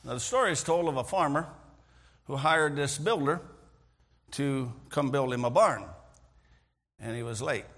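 A middle-aged male pastor preaching a sermon, telling stories earnestly and often clearing his throat. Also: mid-range voice, expressive, unhurried, long pauses, fairly bright tone. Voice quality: gravelly, husky voice. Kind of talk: sermon with storytelling.

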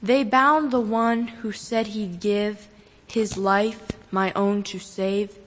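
A woman reciting a poem in a slow, measured way in a church. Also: mid-range voice, steady tone, fairly bright tone. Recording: reverberant church hall.

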